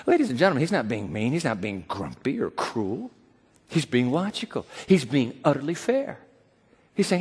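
A man preaching a sermon as pastor, dramatic, acting out quoted voices and swinging between loud and soft. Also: mid-range voice, sing-song, normal speed, slightly rough, long reverb tail.

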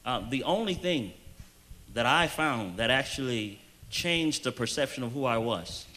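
A man speaking on a youth panel, his tone bright and forceful. He tells a personal story in an earnest, halting way, with repeated starts, then slows right down to press a point home. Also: medium pitch, animated. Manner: earnest storytelling with hesitant restarts and emphatic slowed phrases.

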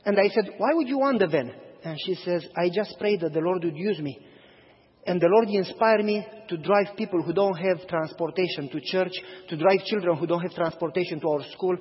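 A man's voice: high voice, moderate pace, slightly rough. A man preaching a sermon as a pastor, telling stories and acting out the dialogue in them. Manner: animated storyteller, acts out dialogue. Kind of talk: sermon with storytelling. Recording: dull audio, long hall reverb.

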